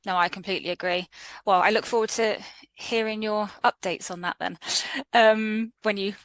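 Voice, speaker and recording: A woman hosting a podcast interview, agreeing warmly and asking her guest questions. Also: mid-range voice, fairly even intonation, normal speed, no room sound, low-quality recording. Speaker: podcast host.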